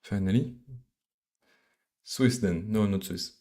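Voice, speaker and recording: A man from Belgium with a French accent, live-coding on a stream and thinking aloud in a halting, mumbling way full of fillers and restarts. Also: fairly low pitch, warm tone.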